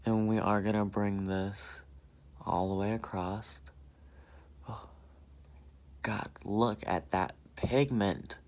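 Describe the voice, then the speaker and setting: A man's voice: lowish voice, fairly even intonation, takes it slowly, long pauses, a little mellow. A man with a Southern US accent chatting through a makeup tutorial, thinking aloud and gushing over the colors. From Southern United States. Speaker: makeup vlogger.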